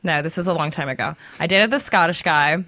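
A woman's voice: low voice, quick pace, sharp tone, dry recording. A young woman co-hosting a casual chat, speaking in a loose, chatty way with lots of "like" and "you know". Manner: chatty, heavy "like" and "you know" filler, restarts.

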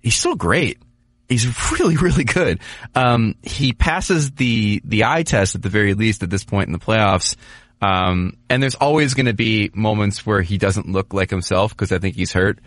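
A man co-hosting a sports podcast, talking casually and at length with lots of restarts and animated asides. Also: lowish voice, normal speed, dry recording. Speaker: podcast co-host, hockey writer.

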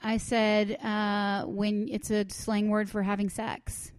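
A woman's voice: mid-range voice, monotone, slow, clean tone, no room sound. A woman in her thirties co-hosting a podcast in casual, candid chat, laughing often and telling stories with animation. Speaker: podcast co-host.

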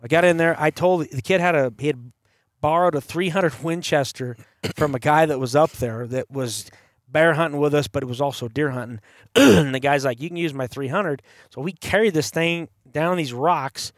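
A man's voice: fairly high pitch, moderate pace, no room sound, studio quality. A man telling a long hunting story in casual chat as a podcast host, acting out the voices of people he quotes. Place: campside.

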